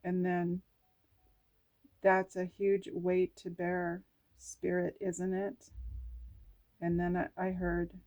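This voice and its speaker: A woman speaks on the low side, monotone and slow, pausing often in a slightly mellow voice. Reading aloud from oracle cards and her journal, she muses emotionally in a personal, reflective manner, with the occasional casual curse.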